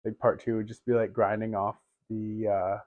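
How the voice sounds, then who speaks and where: A man's voice: lowish voice, level tone, normal speed, phone-quality sound, slight background noise. A man talking casually about his bikes in a home garage vlog, rambling and laughing often. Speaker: bike vlogger.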